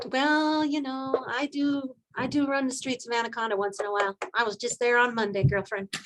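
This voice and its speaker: A woman's voice: on the high side, little pitch movement, fairly quick, noisy background. A woman from Montana leading an online meeting, talking in a chatty, folksy way and laughing often. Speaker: meeting facilitator.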